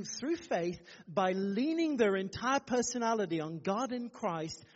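A man preaches in a warm, conversational way, asking his listeners one question after another. His voice swings widely in pitch. The recording sounds somewhat dull and lo-fi. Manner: lively, conversational preaching with frequent rhetorical questions. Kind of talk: sermon.

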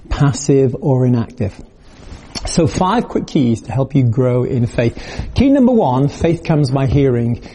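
A man's voice: medium pitch, warm tone, slightly rough. A man preaching a video sermon in a conversational, storytelling way, acting out quoted voices.

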